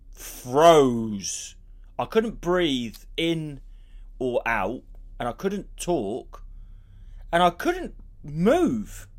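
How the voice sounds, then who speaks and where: A man, a comedian co-hosting a podcast, telling a story with lots of swearing. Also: a little high. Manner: animated storytelling, swearing freely. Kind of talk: casual podcast banter.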